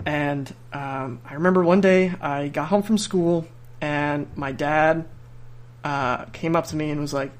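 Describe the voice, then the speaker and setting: A man's voice: fairly high pitch, fairly even intonation, unhurried. Young man telling a rambling story. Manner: rambling, restarts often, laughs through his story. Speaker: podcast host. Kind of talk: casual storytelling.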